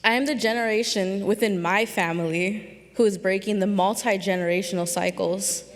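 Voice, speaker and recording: A woman of twenty-one from California, telling a personal story on stage, emotional and close to tears, pausing often with ums. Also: medium pitch, fairly even intonation, long reverb tail. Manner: slow, halting, with many pauses and ums.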